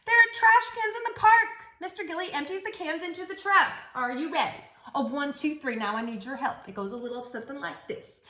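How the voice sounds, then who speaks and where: Reading a picture book to young children, this woman uses a high-pitched, lively, sing-song storytime voice with a sharp tone, speaking fairly quickly. She plays a playful, encouraging teacher and leads the kids in call-and-response chants, all in a reverberant space.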